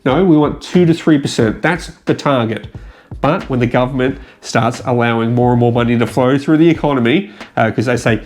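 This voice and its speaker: A man's voice: mid-range voice, fairly quick, darkish tone, faint music behind. A man with an Australian accent, explaining finance in a chatty, emphatic vlog, often addressing viewers as guys. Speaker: finance vlogger.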